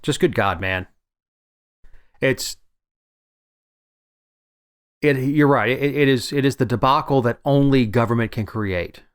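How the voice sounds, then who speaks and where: A man's voice: medium pitch, a little slow, pauses often, smooth, no echo, clean studio sound. Rambling wry man co-hosting a chat. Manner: rambling, restarts a lot, wry. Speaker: podcast co-host. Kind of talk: casual political chat.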